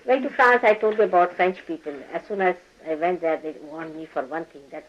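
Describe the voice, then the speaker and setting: A woman's voice: fairly low pitch, a little fast, hardly any pauses, highs cut off, a little hiss or hum. Older woman giving a teasing spiritual talk. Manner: teasing, scolding, laughs often, acts out quoted people. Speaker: spiritual teacher. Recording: archival talk recording.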